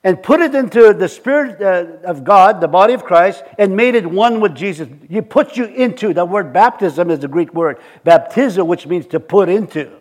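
Man, middle-aged, high voice, sermon, conversational, repeats himself, emphatic at times. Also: expressive, moderate pace, hardly any pauses, a little mellow. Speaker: preacher.

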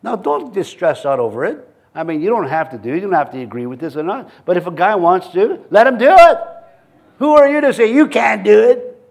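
A male pastor with a fairly high voice preaches to his congregation in a church. He mixes scripture readings with joking, chuckling asides. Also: lively intonation, fairly quick, vocal fry. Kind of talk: sermon.

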